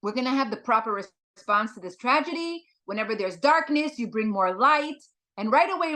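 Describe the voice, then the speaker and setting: A woman giving a talk as a guest speaker, telling a personal story in an earnest, halting way with many fillers. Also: on the high side, fairly bright tone.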